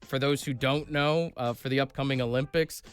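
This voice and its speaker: A man's voice: mid-range voice, fairly even intonation, normal speed, clear, resonant tone. A man co-hosting a morning radio show, running a call-in game and reading listener texts in upbeat, casual banter.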